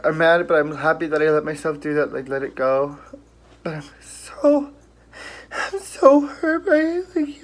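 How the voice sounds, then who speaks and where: A young man vlogging while crying on a bathroom floor, halting and full of fillers. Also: mid-range voice. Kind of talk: emotional confessional vlog.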